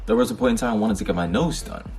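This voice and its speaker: A man's voice: fairly low pitch, lively intonation, rapid-fire, darkish tone, soft background music. A young man from the Netherlands telling personal stories to camera in a frank, heated way, full of slang and swearing. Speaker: vlogger. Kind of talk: casual personal storytelling.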